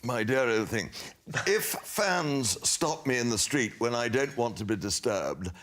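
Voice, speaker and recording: A man's voice: mid-range voice, animated, a little slow. An older man on a comedy panel show, speaking in a posh, old-fashioned and effusive way. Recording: TV studio with loud audience laughter.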